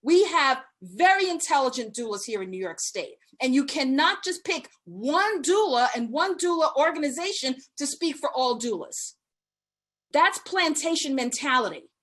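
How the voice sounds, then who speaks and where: Brief: high-pitched woman, fiery and indignant, testifying remotely at a public hearing. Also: big pitch swings, moderate pace, few pauses, fairly bright tone. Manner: impassioned, indignant. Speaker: hospital doula testifying at a hearing. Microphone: remote video call.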